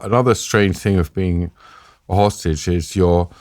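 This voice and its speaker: Low-voiced British man telling a story. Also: a little slow, darkish tone, no echo. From Britain. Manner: vivid storyteller who acts out quoted voices, with many restarts. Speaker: podcast guest, war journalist. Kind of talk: casual storytelling interview.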